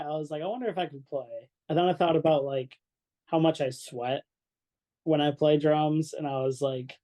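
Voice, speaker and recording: A man's voice: a little high, warm tone. A man who is a band's drummer, telling a story in casual chat with lots of "like" and frequent laughter. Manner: laughs often and fills speech with "like". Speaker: band drummer, guest.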